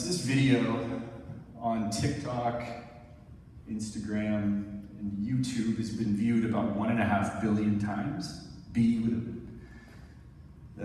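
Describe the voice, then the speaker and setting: A lower-voiced Canadian man in his thirties speaks to an audience like a storyteller and keeps cueing someone to run the next clip. His voice sits well back from the mic and rings through a large, echoey hall with a long tail, over a faint ambient hum. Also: a little mellow, recorded from a distance. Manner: conversational storyteller, often cueing a helper to play or pause clips. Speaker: former Olympic sprinter giving a talk. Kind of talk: live talk narrating video clips.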